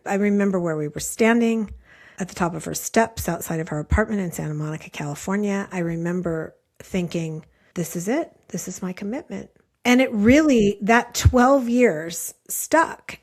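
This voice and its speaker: A woman in her late fifties, a meditation teacher, telling personal stories as a podcast guest in an earnest, thoughtful way with many "like" fillers. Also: mid-range voice. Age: late 50s. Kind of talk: reflective storytelling in conversation.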